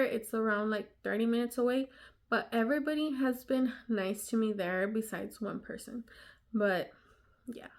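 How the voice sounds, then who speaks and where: A woman's voice: a little high, a bit bright. A young woman vlogger telling a story in casual chat, talking straight to her viewers with lots of fillers. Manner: chatty, many fillers like "you know".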